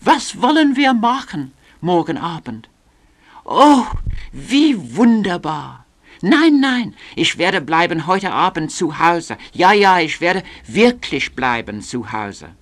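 A flighty young English cabaret singer who gushes and coos as if always on stage, put on by a male reader. Her lines float up high and sweet, swinging widely in pitch. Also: big pitch swings, takes it slowly, fairly bright tone, exaggerated voice. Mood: cooing. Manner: gushing, breathy stage coos.

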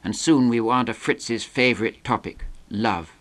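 A man reading a novel aloud in a measured, understated narration. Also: medium pitch. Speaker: reader.

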